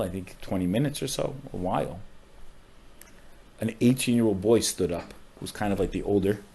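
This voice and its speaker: A man, a rabbi on a podcast, tells a story with strong feeling, often saying "like" and dropping to a hushed voice at sad moments. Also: low voice, breathy edge. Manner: emotional storyteller with frequent "like" fillers.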